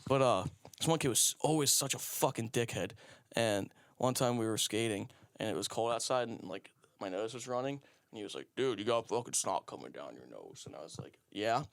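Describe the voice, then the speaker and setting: A man's voice: medium pitch, a little fast, no room sound. A young man telling rambling, crude stories as a podcast guest, laughing often. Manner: rambling storyteller, laughs a lot. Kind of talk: casual crude chat.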